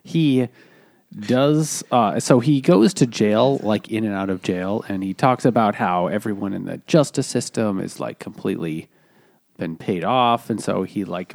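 A man in a casual chat who recounts a story haltingly, with many fillers. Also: lowish voice, vocal fry, darkish tone, dry recording, studio quality.

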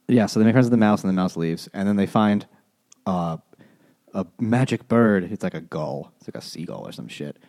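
Low-voiced man, casual podcast chat, crude jokes, storytelling. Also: lively intonation, a little fast, mellow. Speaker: podcast host.

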